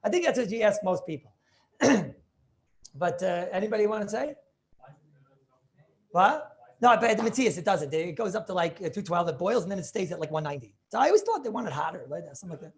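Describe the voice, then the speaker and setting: Guy rabbi on a video call class, kinda gravelly, lots of restarts and questions. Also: high-pitched, lively intonation. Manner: halting, thinks aloud with many restarts and rhetorical questions. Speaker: rabbi teaching a Talmud class. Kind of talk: casual Torah class over video call.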